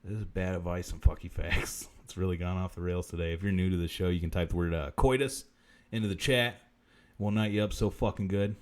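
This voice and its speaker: A man hosts a live-stream comedy show, muttering profane bits deadpan before breaking into sudden shouts. His voice sits low, and he talks a little fast.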